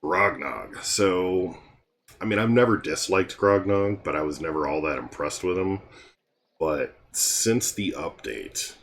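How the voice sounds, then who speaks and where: A tired, yawning man casually walking through a mobile game's heroes, relaxed and meandering with frequent ums. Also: deep voice, measured pace, a little hiss or hum. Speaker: game guide creator. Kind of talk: casual game walkthrough commentary.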